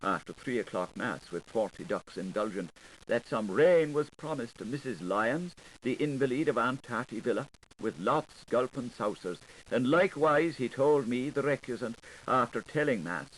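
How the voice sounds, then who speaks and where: A man's voice: medium pitch, animated, moderate pace, a bit bright, slight background noise, low-quality recording. Theatrical man reading a literary audiobook. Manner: theatrical, switching between voices of questioners and the answerer. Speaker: audiobook reader.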